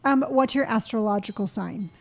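A woman's voice: a little high, moderate pace. A woman co-hosting a casual podcast chat, reading out questions in a giggly, teasing way. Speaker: podcast co-host asking questions.

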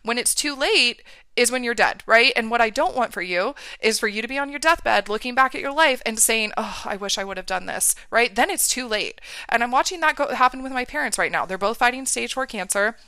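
A woman's voice: a little high, animated, fairly quick, hardly any pauses, bright, forceful tone, smooth, no room sound, studio quality. A woman coach giving an emphatic motivational talk, often checking in with "right?" and "okay". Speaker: mindset and business coach for women.

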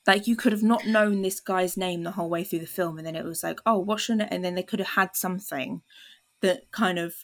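A woman's voice: lowish voice, fairly even intonation, fairly quick, fairly bright tone. A woman hosting a podcast in casual film chat, chatty with many fillers, acting out quoted lines. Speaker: podcast host.

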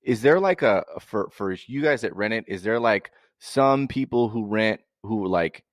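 A man's voice: lowish voice, lively intonation, measured pace, no room sound, studio quality. A man in casual chat, easygoing and curious, asking plenty of follow-up questions.

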